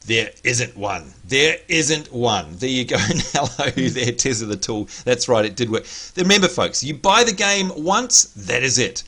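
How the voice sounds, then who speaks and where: A man hosting a casual gaming livestream, chatty and excitable, greeting viewers by name, his voice a little hoarse. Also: medium pitch, moderate pace, few pauses. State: slightly hoarse. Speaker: livestream host.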